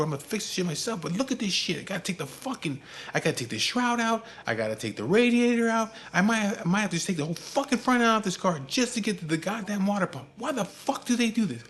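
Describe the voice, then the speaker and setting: A man doing an enraged middle-aged guy who explodes into strings of curses. The voice jumps well above his usual pitch and comes out loud and forceful. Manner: explosive, yelling, swearing constantly. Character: furious cursing middle-aged man fixing a car.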